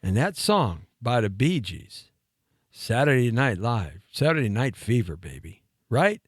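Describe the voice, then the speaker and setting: A man in his fifties, a show host, telling a rambling story with animated delivery and laughing asides. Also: mid-range voice, measured pace, husky, dry recording, studio quality. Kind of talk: storytelling monologue.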